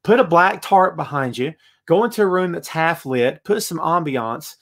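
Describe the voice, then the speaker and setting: An excitable man hosts a live talk show and rants to his listeners. His voice sits fairly high for a man and leaps up and down across a wide range. He fires off points and answers chat comments in an animated, worked-up way. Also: moderate pace. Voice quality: animated, excitable, ranting delivery. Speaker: wrestling podcast host.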